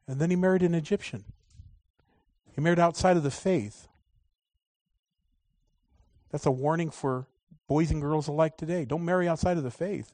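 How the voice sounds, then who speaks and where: A man's voice: fairly high pitch, normal speed, pauses often, no room sound. Dynamic male preacher, dry sound. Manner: dynamic preaching, swings between loud emphasis and quiet asides. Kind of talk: sermon.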